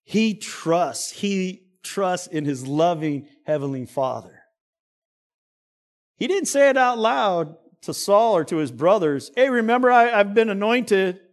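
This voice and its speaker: A male pastor preaching a sermon, dramatic, swinging between loud emphasis and quiet asides. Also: high-pitched.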